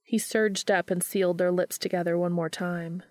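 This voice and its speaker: A woman narrating a story in a steady, even-paced reading. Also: fairly low pitch, normal speed, dry recording, clean studio sound. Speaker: audiobook reader.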